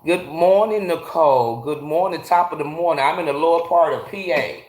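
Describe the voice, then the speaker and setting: Hosting a casual stream from an echoey garage via phone, a man rants bluntly, swears a lot and calls out his chat viewers by name. He speaks at a moderate pace in a high-leaning voice with a darkish tone.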